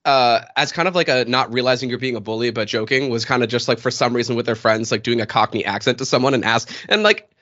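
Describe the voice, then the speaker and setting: A man talks in a loose, rambling way. His tone is bright and forceful. The recording sounds a little dull and lo-fi. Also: mid-range voice, quick pace, few pauses. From Boston area, New England. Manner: rambling, many fillers and restarts. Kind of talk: casual chat.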